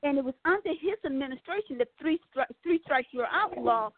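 A woman's voice: high voice, lively intonation, a little fast, dry recording. A woman calling into a talk radio discussion, earnest and hesitant, with many fillers. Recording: dry tinny phone line.

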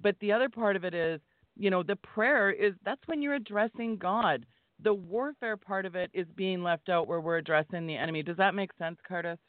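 A woman's voice: mid-range voice, fairly quick, dry recording. A woman guest speaking in a fervent, exhorting, preaching style, heard over a phone line. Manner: emphatic, exhorting. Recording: tinny phone line, dry.

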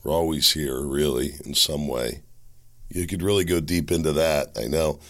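A hoarse man hosting a podcast alone, rambling in a wry, self-mocking way. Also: very deep voice, steady tone, moderate pace, a bit bright. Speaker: podcast host. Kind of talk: casual solo podcast monologue.

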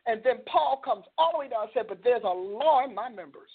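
A woman hosting a religious talk show, speaking with an animated, preacher-like cadence. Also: on the high side, fairly quick, few pauses, slightly rough. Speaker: host. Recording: phone-like band-limited audio.

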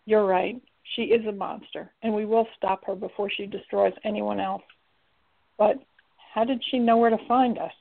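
An intense young demon man speaks earnestly and urgently, as a woman reads him. The voice has a gravelly edge. The recording is thin and phone-like. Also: mid-range voice, fairly even intonation, moderate pace. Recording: tinny lo-fi recording.

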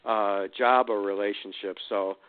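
A man who is a guest astrologer on a call-in radio show, explaining readings in a relaxed way with some fillers. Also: fairly low pitch, unhurried, clean tone, no echo. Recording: dry, tinny phone line.

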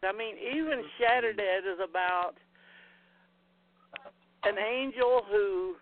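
A man's voice: sits high, takes it slowly, a little hiss or hum. A man hosting a casual podcast chat, rambling through crude plot summaries. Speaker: podcast host. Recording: tinny phone-like line.

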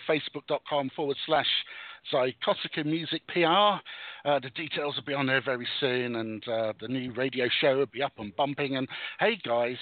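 An English man, a music promoter, talking as a radio guest with lively, enthusiastic patter. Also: mid-range voice, no echo. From England. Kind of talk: casual radio chat. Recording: tinny phone line.

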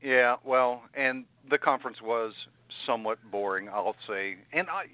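A man co-hosting a podcast, covering tech news in a playful, animated way. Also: unhurried, no echo. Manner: playful, animated, jumps in pitch when joking. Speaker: podcast co-host. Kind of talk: casual chat. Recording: dry phone-like sound.

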